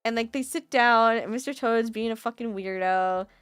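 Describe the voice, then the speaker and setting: High-voiced laughing young woman streamer. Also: normal speed, clear, resonant tone, dry recording, clean studio sound. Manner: animated, laughs often, swears. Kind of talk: casual chat.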